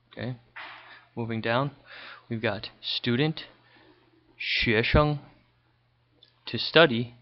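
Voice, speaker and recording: A man teaching a recorded language lesson over slides, explaining patiently and checking in with a frequent "okay". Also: lowish voice. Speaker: high school Chinese teacher. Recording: dull lo-fi recording.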